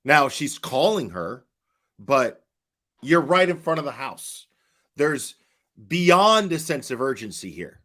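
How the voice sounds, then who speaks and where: A man giving casual livestream commentary, halting and repeating words as he questions and answers his chat. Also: mid-range voice, big pitch swings, fairly bright tone. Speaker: online commentator.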